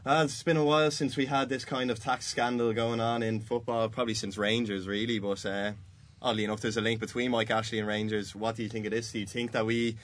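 A man's voice: mid-range voice, little pitch movement, fast. A man hosting a football podcast from a studio, chatting loosely and laughing as he talks. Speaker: podcast host. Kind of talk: casual sports chat.

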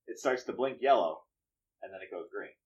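A man's voice: lowish voice, lively intonation, moderate pace, lo-fi sound. A man from northeastern Pennsylvania in casual chat, musing and trailing off with fillers.

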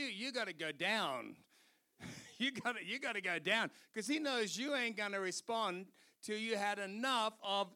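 A man's voice: sits high, sharp tone. A middle-aged man preaching a sermon as pastor, emphatic, repeating phrases and acting out quotes.

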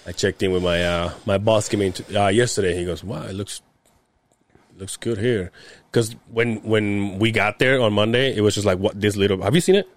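A man's voice: fairly low pitch, fairly quick, hardly any pauses. A man co-hosting a podcast in casual chat, telling rambling work stories, swearing often and laughing. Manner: rambling storyteller, swears a lot, frequent fillers and laughs. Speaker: podcast co-host; heavy equipment operator.

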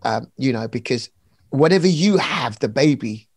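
A man, an author talking about praise and faith in an emphatic, animated preaching way. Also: medium pitch, moderate pace, breathy edge, dry recording. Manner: animated, emphatic, acts out little scenes. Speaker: author and preacher being interviewed. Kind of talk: conversational preaching.

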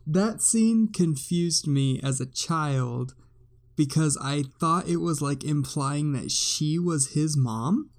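A man talks loosely about a movie he loved as a kid, in easy podcast chat. His voice sits a little high and carries heavy fry and gravel. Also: slow pace. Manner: loose, with fillers.

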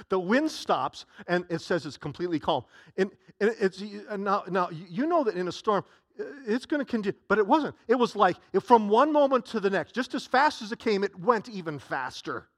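A man preaching a sermon as a pastor, animated and dramatic, swinging from loud outbursts to hushed tones. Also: sits high, moderate pace.

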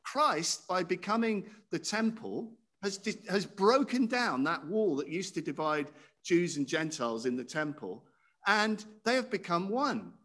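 A man's voice: high voice, big pitch swings, a little slow, a bit bright. A man preaching a sermon in a conversational way, often asking his listeners questions. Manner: conversational, asks the audience questions.

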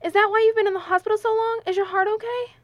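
A woman's voice: very high-pitched, steady tone, fast talker, dry recording. A woman playing a sweet, eager little girl, talking in a childlike, earnest way in a stage play. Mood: chirpy. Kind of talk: amateur stage play recording.

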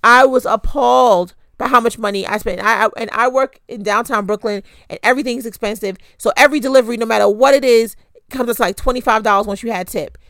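A woman hosts a podcast offering frank, conversational advice on personal finance, with mild swearing and self-deprecating asides. Her voice is fairly high, gravelly and fairly bright, she talks fast, and there's no echo.

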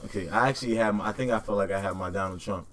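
A man in casual political chat with a co-host, joking loudly and swearing in slangy bursts. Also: on the low side, fast talker, a crowd in the background.

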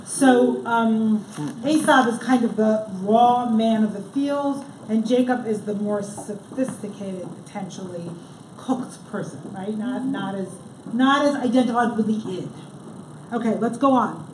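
A woman teaches a group study class, her voice a touch high and drawing out key words for emphasis. The room is echoey, with a faint hiss of background noise behind her. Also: a little slow, darkish tone. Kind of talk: leading a text study class.

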